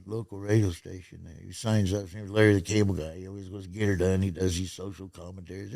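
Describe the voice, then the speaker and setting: A man's voice: low voice, quick pace, gravelly, few pauses, dry recording, studio quality. A middle-aged man, a stand-up comedian telling stories casually in an interview and acting out quotes in raised voices. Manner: animated storyteller, acts out quotes in raised voices.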